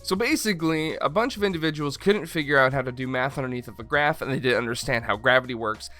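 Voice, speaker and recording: A man's voice: mid-range voice, fast, pushed and bright, faint music behind. A man with a slight Southern twang hosting a casual comedic science explainer, irreverent and swearing freely. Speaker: science video host.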